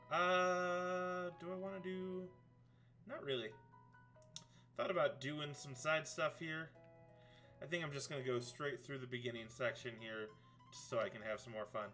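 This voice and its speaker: Man, let's play streamer, chatty and rambling, bright voice, music faintly behind. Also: medium pitch, moderate pace. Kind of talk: game commentary.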